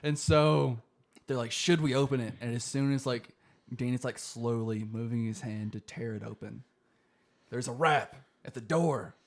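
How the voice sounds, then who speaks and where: A man's voice: medium pitch, unhurried, vocal fry. A young man co-hosting a podcast, casually recapping a TV episode in a rambling, laughing way, swearing freely. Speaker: podcast co-host.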